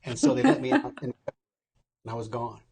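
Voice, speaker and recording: A man's voice: mid-range voice, huge pitch swings, moderate pace, vocal fry, a crowd in the background. A man in his seventies, an interview guest, telling candid stories in a wry, casual way and acting out the people he quotes.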